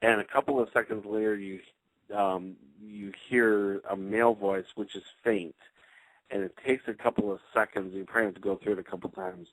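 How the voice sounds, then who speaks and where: A man's voice: on the low side, fairly quick, a bit bright, no room sound, poor audio. A man, a paranormal investigator, chatting casually on a radio show, rambling with many fillers and restarts.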